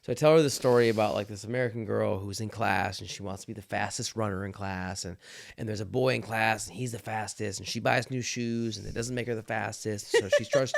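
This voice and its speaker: A man in his thirties co-hosting a casual podcast, an animated storyteller who laughs often. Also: fairly low pitch, fairly quick, vocal fry. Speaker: podcast co-host. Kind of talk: casual chat.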